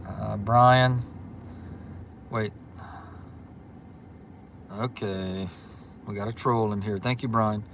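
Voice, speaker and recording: A man's voice: fairly low pitch, fairly even intonation, drawn-out words, creaky, pauses often, fairly bright tone, slight background noise. A man hosting a casual livestream, chatty and upbeat as he reads viewer comments and greets people by name. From Louisiana. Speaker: livestream host.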